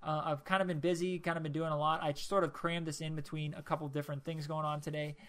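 A man's voice: a little high, flat delivery, fast talker, a bit bright. A young man hosting his own podcast alone, rambling casually with lots of ums and jokes at his own expense. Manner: rambling and self-deprecating, with many ums. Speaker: podcast host.

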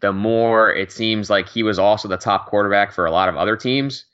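A male co-host of a sports betting podcast chats quickly and conversationally, full of fillers and laughs. His voice is on the low side, fairly bright, clear and resonant, though the audio sounds dull.

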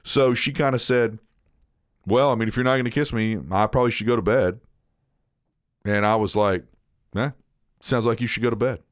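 A man's voice: medium pitch, fairly even intonation, normal speed, long pauses, clean tone, no echo, studio quality. A man telling a long personal story in casual chat, rambling and repeating himself as he acts out what was said.

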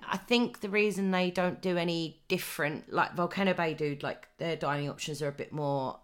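A woman's voice: on the low side, fairly even intonation, moderate pace, clean tone. A woman co-hosting a podcast in casual chat, talking freely with many ums and restarts. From United Kingdom. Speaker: podcast co-host.

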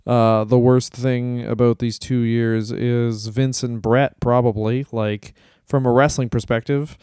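A man's voice: medium pitch, flat delivery, a little slow, darkish tone, clean tone, no room sound, clean studio sound. A man co-hosting a podcast, chatting casually and profanely, rambling and laughing often, and tired. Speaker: podcast co-host. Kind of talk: casual comedic chat.

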